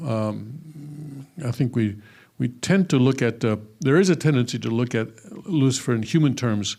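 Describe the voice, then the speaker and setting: A man's voice: medium pitch, moderate pace, vocal fry, a little mellow. A man teaching a scripture lesson, reading aloud and breaking off into casual asides with many fillers and restarts. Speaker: religious teacher.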